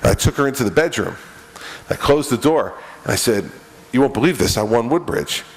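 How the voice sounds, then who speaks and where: A man's voice: mid-range voice, expressive, fairly quick. A middle-aged man giving a conversational, joking campaign speech, speaking directly to the audience. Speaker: political speaker at a campaign event. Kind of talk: stump speech with storytelling. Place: event room with an audience. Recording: reverberant event hall.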